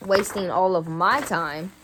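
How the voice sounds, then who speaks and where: A woman's voice: lowish voice, a little slow, background noise. A young woman telling a heated, profane storytime rant about her job in a vlog. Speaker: vlogger.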